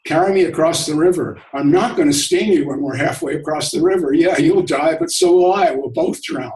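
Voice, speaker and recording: A man's voice: a little high, sing-song, fairly quick, gravelly, a little mellow. A coaxing male scorpion, read by a man in a roomy, distant recording. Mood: pleading. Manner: coaxing, insistent. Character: pleading male scorpion from a fable. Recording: echoey room, distant from mic.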